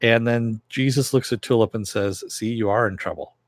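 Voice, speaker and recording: With no room sound and a moderate pace, a man reviews a TV episode in a loose, rambling recap. He uses many fillers and raises his voice when quoting characters.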